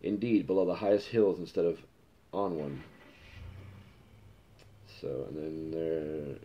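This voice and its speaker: A man's voice: a bass voice, fairly even intonation, slow pace, lo-fi sound. A man hosting a casual podcast, reading comic book dialogue aloud with many fillers and self-corrections. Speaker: podcast host.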